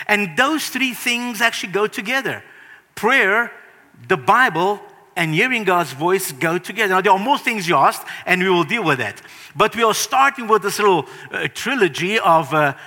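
A middle-aged man preaches to his congregation in a high, very bright and cutting voice. He is earnest and emphatic, repeating key phrases and slowing down to stress them. His voice trails off into the long reverb of a church hall. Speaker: pastor. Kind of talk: sermon.

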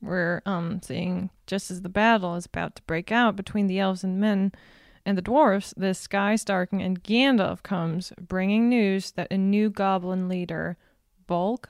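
A woman co-hosting a podcast, summarizing a book chapter in a steady, casual way. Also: mid-range voice, measured pace, no echo, studio quality. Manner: steady summarizing, giggles at slips.

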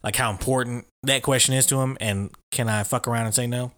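A man in casual chat, laid-back and halting, with a bit of slang. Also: medium pitch, steady tone, fairly bright tone.

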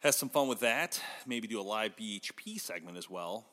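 A man hosting a podcast in casual chat, telling stories in an animated way. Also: fairly low pitch, moderate pace, in a large hall. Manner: animated storytelling with laughs. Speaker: podcast host.

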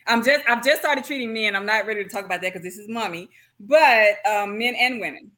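A woman's voice: medium pitch, brisk, fairly bright tone. A woman in her thirties, a pelvic floor physical therapist, chatting casually in an interview and laughing at herself often.

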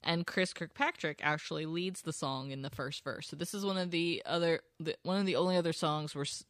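A woman's voice: sits low, a little fast, dry recording, clean studio sound. A woman co-hosting a casual podcast, laughing often as she presents song facts. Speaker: podcast co-host. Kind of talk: casual chat.

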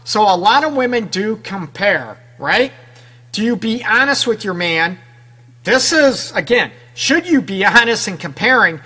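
A fairly high-pitched man with a bright, forceful tone hosts a radio advice show. He speaks to his listeners in a frank, loose, conversational way and keeps asking them questions. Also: husky. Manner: talks straight to listeners with rhetorical questions. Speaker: radio show host and relationship counselor.

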